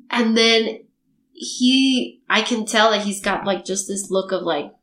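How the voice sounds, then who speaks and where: A young woman hosting a podcast tells a personal story in casual chat, her mid-range voice at a moderate pace in an echoey room. She's an animated storyteller, acting out what people said.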